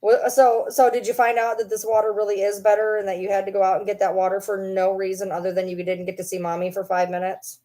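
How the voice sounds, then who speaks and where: A woman's voice: medium pitch, little pitch movement, quick pace, few pauses, mellow. A woman in a casual home vlog talks to the camera. She teases her pet dog in a doting, playful voice and switches easily into baby talk. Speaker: vlogger.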